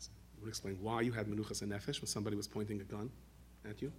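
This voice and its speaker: A man giving a sermon, telling stories in an animated way and mixing in Yiddish and Hebrew words. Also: fairly low pitch, fast talker, slightly rough. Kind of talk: sermon storytelling.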